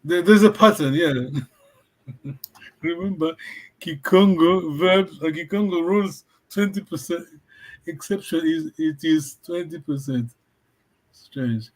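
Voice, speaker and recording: Patient male tutor on a video call, unhurried delivery, voice a touch high. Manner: patient, keeps checking that students follow. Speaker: language teacher. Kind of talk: online language lesson.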